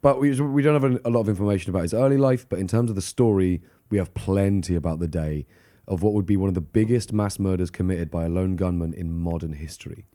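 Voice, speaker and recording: Low-pitched and mellow, this podcast co-host talks at a quick pace on a casual true-crime show. He's jokey and swears as he tells the story, bursting into laughter and putting on mock voices.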